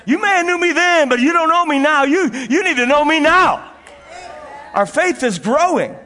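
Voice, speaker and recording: A middle-aged male pastor with a very high, bright voice preaches in a folksy, storytelling way. He laughs often and repeats his phrases for emphasis. His words ring out with the long reverb of a large church hall. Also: animated, moderate pace. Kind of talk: sermon.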